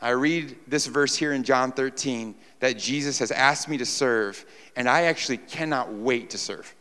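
A man's voice: mid-range voice, normal speed, pushed and bright, clean tone. A man from New York preaching a sermon to a congregation, emphatic, repeating his phrases and asking rhetorical questions. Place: church sanctuary before a congregation. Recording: long reverb of a large hall.

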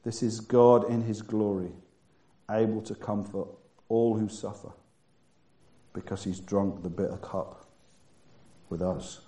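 Man preaching with a dark, echoey tone. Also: lowish voice, fairly even intonation, slow, long pauses. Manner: swings from loud emphatic bursts to hushed, quiet delivery. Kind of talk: sermon.

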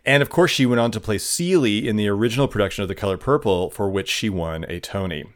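A man's voice: lowish voice, fast talker. A man co-hosting a podcast, reading background facts aloud in a casual way and stumbling on some words. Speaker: podcast co-host. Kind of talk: casual chat reading show notes.

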